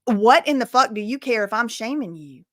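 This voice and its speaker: Female livestream commentator, slightly high voice, dry close mic, expressive and scolding, reads chat aloud. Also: normal speed, dry recording. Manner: expressive, exclaiming and scolding, repeats phrases.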